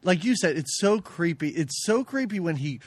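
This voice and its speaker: A woman's voice: on the low side, very animated, normal speed, slightly rough, dry recording. Woman, podcast co-host, casual movie recap, wry, laughs often, dry close sound.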